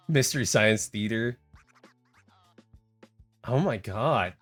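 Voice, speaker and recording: A man livestreaming in casual chat, rambling and excitable, talking straight to his viewers and reading bits aloud. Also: on the low side, drawn-out words. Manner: rambling and excitable, heavy on "like" and "dude"; talks to chat, reads text aloud. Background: faint music.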